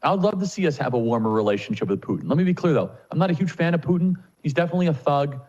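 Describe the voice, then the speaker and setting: A man speaking as a political commentator guest in an interview, forceful and firing off rhetorical questions. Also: a little high, lively intonation, racing, muffled recording.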